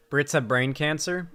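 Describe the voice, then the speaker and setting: Profane sarcastic young male streamer. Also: fairly high pitch. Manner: profane, sarcastic, joking banter with chat. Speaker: live streamer. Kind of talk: late night stream commentary.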